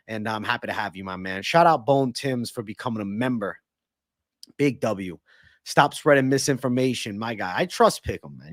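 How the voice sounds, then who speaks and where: A man's voice: medium pitch, no room sound, clean studio sound. Hyped, foul-mouthed male livestream host. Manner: loose, profane, hyped, reads and answers viewer chat. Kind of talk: live-streamed fight predictions and chat.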